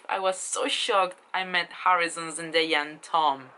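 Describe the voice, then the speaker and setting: A woman in her twenties telling a story in a casual vlog, excited and gushing, with lots of fillers and swearing. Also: on the low side, normal speed, hardly any pauses, a little hiss or hum, poor audio. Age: 20s. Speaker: vlogger.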